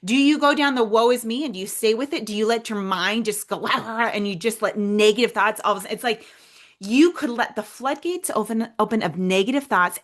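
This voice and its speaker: A woman hosting a faith-based motivational podcast, talking earnestly and emphatically straight to her listeners, sometimes dropping to a soft hush for prayers. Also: medium pitch. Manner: earnest, emphatic, addresses listeners as "you guys". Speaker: podcast host.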